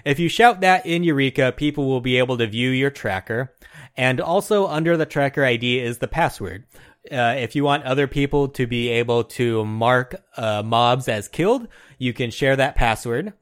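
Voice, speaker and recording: Relaxed mumbling man co-hosting a podcast. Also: medium pitch, normal speed, clean tone. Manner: self-described mumbler, relaxed explaining. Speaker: podcast co-host. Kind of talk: casual gaming podcast chat.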